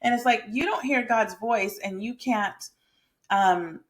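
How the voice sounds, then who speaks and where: A woman's voice: a little high, a little slow. A woman who also works as a hairstylist, talking casually and emphatically to her viewers as a lifestyle and mindset creator. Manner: chatty, emphatic and motivational, talks straight to viewers. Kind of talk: casual direct-to-camera talk.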